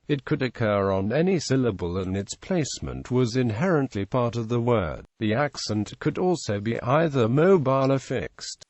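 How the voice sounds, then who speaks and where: A computer-generated male voice reading an encyclopedia article aloud in a steady way, saying symbols and abbreviations literally. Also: medium pitch, no echo. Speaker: narrator.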